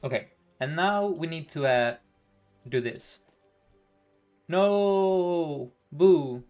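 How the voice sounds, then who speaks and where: A man on a live game stream, thinking each move through out loud in an unhurried, chatty way. His voice sits a little high, and he laughs easily between calls. Faint music plays under him. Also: lively intonation, lo-fi sound.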